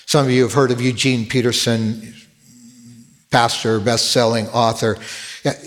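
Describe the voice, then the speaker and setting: A man's voice: mid-range voice, steady tone, unhurried. Earnest male pastor preaching in a reverberant hall. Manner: earnest, repeats words when starting a phrase. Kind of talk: sermon.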